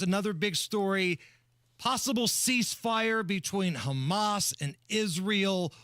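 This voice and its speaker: A male radio host with a high, bright voice that swings up and down as he jokes through the show. His studio sound is close and dry, and he talks in loose, playful banter. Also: no room sound. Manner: joking, animated, quick hand-offs. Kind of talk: casual talk radio banter. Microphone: studio microphone.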